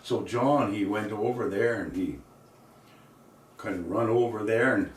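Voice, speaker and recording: A man's voice: fairly low pitch, echoey room, recorded from a distance, a little hiss or hum. Older man telling a rambling folksy tale. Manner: unhurried, full of "you know" and "uh". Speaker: storyteller and singer.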